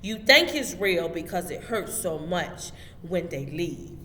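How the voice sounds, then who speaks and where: A woman's voice: fairly low pitch, lively intonation, takes it slowly, bright, forceful tone. Woman preaching emphatically in an echoey hall. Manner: emphatic, preachy, direct address to listeners. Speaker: host. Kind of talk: motivational spiritual talk. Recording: echoey hall with faint background noise.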